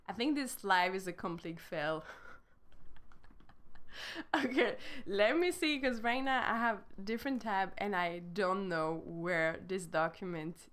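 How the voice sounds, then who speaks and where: Slow-talking French woman teacher. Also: mid-range voice, fairly bright tone. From France. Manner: chatty, laughs often, mixes French and English. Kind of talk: casual live-stream lesson.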